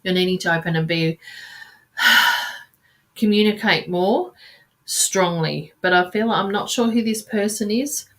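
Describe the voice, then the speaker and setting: A woman giving a live card reading, halting and searching for words, sighing often and calling listeners sweetheart and darling. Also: medium pitch, a bit bright. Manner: halting, searching, with frequent sighs and restarts. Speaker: card reader.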